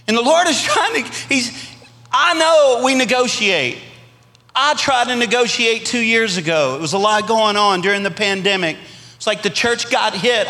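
A man with a Southern US accent preaching a storytelling revival sermon, swinging between loud punches and quiet asides. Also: very high-pitched, in a large hall. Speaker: pastor.

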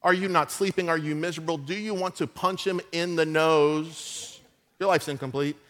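A pushy male infomercial pitchman, as a preacher puts him on, stretching each line into a slow, drawn-out sales pitch. His voice sits high for a man. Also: fairly even intonation, fairly bright tone, close to an everyday voice. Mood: salesy.

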